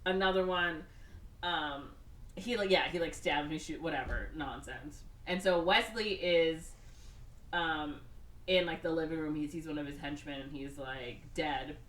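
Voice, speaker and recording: Animated woman retelling a movie plot, echoey. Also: sits low. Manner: animated, swearing, acts out characters' lines in quick put-on voices. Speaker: podcast co-host. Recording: echoey room, voice a bit far from the mic, faint background noise.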